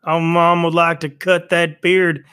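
Man doing a high lewd old cashier lady. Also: flat delivery, measured pace, a bit bright, clear, resonant tone, no echo, studio quality. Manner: high, pushy come-ons.

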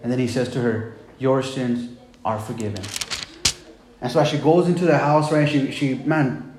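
A man's voice: mid-range voice, fairly even intonation, normal speed. A man preaching a sermon in a casual, conversational way, often saying "man" and "right?" and retelling scripture in plain everyday words. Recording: echoey room with faint background noise.

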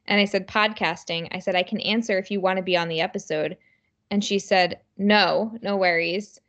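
A woman's voice: medium pitch, fairly even intonation, normal speed, a bit bright. A woman co-hosting a podcast in casual chat, telling stories with lots of fillers. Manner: chatty storyteller, many fillers. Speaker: podcast co-host.

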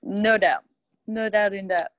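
A woman's voice: medium pitch, fairly even intonation, a little slow, dry recording. A woman with a French accent, a TV videographer talking as a guest in an interview, earnest and heartfelt as she searches for her words. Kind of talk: casual interview talk.

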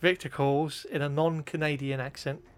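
A man's voice: fairly high pitch, flat delivery, moderate pace, clear, resonant tone. A man co-hosting a casual podcast, recapping a film plot in a wry, chatty way with plenty of ums.

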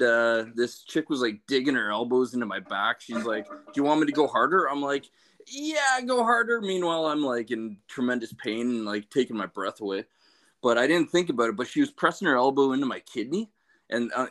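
A podcast co-host with a mid-pitched male voice. He tells anecdotes in an excitable way, with lots of swearing. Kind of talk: casual chat.

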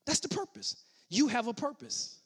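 A man preaching a sermon, starting as casual teaching and building to loud shouted preaching, repeating and restarting his words. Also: very high-pitched, wildly swooping pitch, moderate pace, husky.

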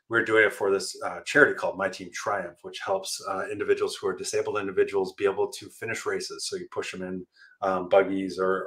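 Man, middle-aged, animated storyteller, interview guest, bright tone. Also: low voice. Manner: animated storyteller, laughs often, acts out quoted voices. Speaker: guest, motivational speaker and firefighter.

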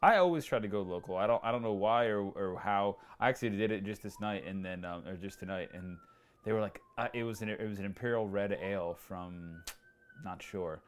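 A man's voice: lowish voice, a little fast, clean tone. A man co-hosting a podcast, chatting easily and joking with his co-host. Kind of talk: casual chat.

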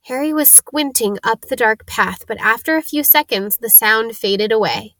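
A woman narrating a children's storybook in a steady, expressive read. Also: on the high side, normal speed, dry recording. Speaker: audiobook narrator.

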